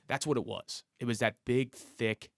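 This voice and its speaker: A man in his thirties tells a story from his work as a police officer, slipping into the voices of the people in it. His voice has a gravelly, creaky edge and is recorded close and dry, with no room sound. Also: mid-range voice, steady tone, normal speed, a bit bright, no room sound. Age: 30s. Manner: vivid storyteller who acts out the dialogue. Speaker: police officer, podcast guest. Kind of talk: storytelling interview.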